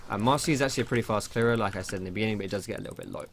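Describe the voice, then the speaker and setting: A man's voice: on the low side, racing, slight background noise. A young man giving casual, rambling gameplay tutorial commentary from his computer at home. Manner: chatty, rambling, swears when surprised.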